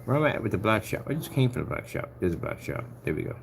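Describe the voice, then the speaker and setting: This clip has the shop owner talking very fast in a fairly low, creaky voice with big swings in pitch, over a slight hiss or hum. He chats playfully through editing his store's website on screen, addressing himself and a pet and drifting into sing-song chants.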